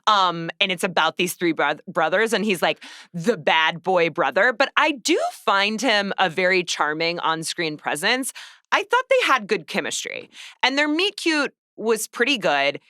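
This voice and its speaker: A woman hosts a casual podcast chat, picking apart a movie with sarcastic, animated storytelling. Her voice is bright and forward, recorded close and dry. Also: lowish voice, a little slow, no echo. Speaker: podcast host.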